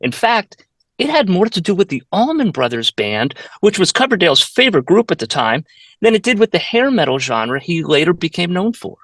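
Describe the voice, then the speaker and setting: Lively male host reading questions. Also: high-pitched, normal speed, dry recording. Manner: reads long, detailed questions. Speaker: talk show host. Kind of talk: scripted interview questions.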